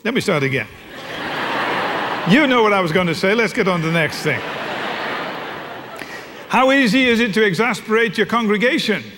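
A middle-aged man preaches with a wry, storytelling touch. His voice sits notably high for a man. A long reverb from a large hall trails each phrase. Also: expressive, moderate pace, long pauses, background noise. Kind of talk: sermon. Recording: echoey hall.

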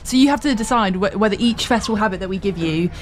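A woman from the Southwest of England co-hosting live breakfast radio, bubbly and quick to laugh. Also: mid-range voice, background noise. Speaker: radio co-host.

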